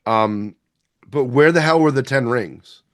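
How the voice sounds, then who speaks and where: A man's voice: mid-range voice, a little slow, a bit bright. A man co-hosting a podcast, giving blunt, sarcastic opinions in casual chat and swearing freely. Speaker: podcast co-host.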